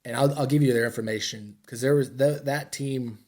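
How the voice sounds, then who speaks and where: A middle-aged US military veteran tells war stories on a podcast, speaking a little fast with a darkish, mid-range voice and fairly even intonation. The interview is casual, and he rambles in a blunt, profane, self-mocking manner.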